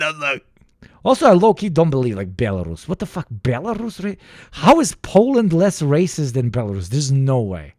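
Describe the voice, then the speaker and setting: A young reaction streamer from the former Yugoslavia in the Balkans rants casually and profanely, mimicking other people. His voice sits on the high side, swooping wildly in pitch at a normal pace, a little mellow, with a dry, studio-quality recording.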